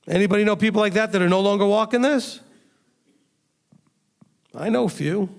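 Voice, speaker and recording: A man's voice: high-pitched, moderate pace, gravelly. A man preaching a sermon as a rabbi, emphatic and firing rhetorical questions at his listeners. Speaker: rabbi teaching a congregation.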